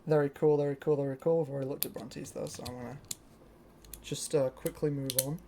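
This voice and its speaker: A young adult from Britain, a toy collector chatting casually through a show-and-tell, excitable and rambling with lots of fillers. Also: medium pitch, fairly quick, a little hiss or hum.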